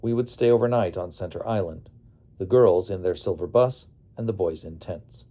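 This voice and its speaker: A man tells his memoir in a plain, storytelling delivery. His voice sits low and sounds mellow and soft-edged. The telling stays steady and unhurried in tone. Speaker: narrator. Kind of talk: memoir narration.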